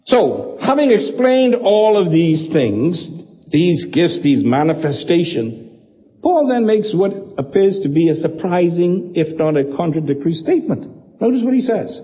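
A male pastor delivers an emphatic sermon in a high, lively voice that swoops up and down. He hammers points home with repetition and rhetorical questions. The sound is dull and carries a long hall reverb. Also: a little slow.

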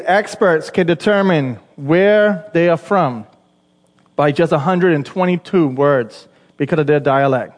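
A man's voice: on the high side, big-room sound. A Bahamian man preaching a sermon, chatty and conversational, with asides to the congregation. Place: church.

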